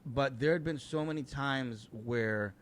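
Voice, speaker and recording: A man's voice: medium pitch, measured pace. A middle-aged man, a guest comedian, telling rambling and profane anecdotes in a casual podcast chat.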